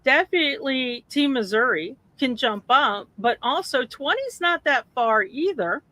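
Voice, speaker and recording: Bright chatty woman hosting on a video call. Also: high-pitched, expressive, a little slow. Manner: chatty and upbeat, asks lots of questions. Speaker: host. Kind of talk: casual livestream chat.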